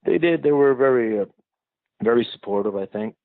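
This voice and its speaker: A man from Prince Edward Island, Canada, giving thoughtful, unhurried interview answers as a singer-songwriter guest, searching for his words. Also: mid-range voice, animated, no echo. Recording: tinny phone-like line, dry.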